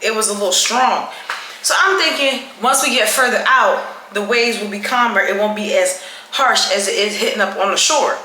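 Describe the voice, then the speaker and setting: Chatty woman vlogger, bright echoey sound. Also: medium pitch, moderate pace. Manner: animated, chatty, with dramatic retelling. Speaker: travel vlogger. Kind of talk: casual storytelling to camera. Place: indoors at night during her night routine. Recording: echoey room with faint background noise.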